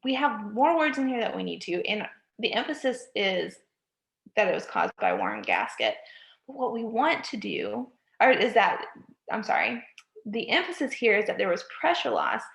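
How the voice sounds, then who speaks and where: A woman's voice: mid-range voice, sing-song, moderate pace, gravelly, a bit bright. A woman, a college writing instructor, giving a recorded lecture, often checking in with "okay?" and correcting herself mid-sentence. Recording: echoey room.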